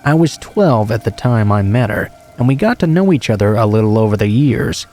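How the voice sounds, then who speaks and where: A man reads scary stories in a calm, even narrator's voice. His tone is dark and mellow, and a steady patter of rain runs behind him. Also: lowish voice, brisk, faint music behind. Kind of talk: scripted horror story narration.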